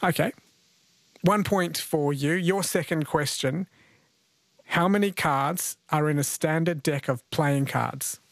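A man's voice: a little high, slow, dry recording. Chatty male radio host in a dry studio. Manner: chatty, jokey, laughs often. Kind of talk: radio quiz hosting.

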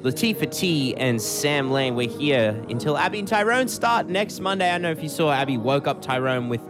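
A man's voice: on the high side, lively intonation, a little fast, over music. A man hosting breakfast radio, chatty and upbeat, on a studio microphone. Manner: chatty, upbeat, laughs easily. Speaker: radio host.

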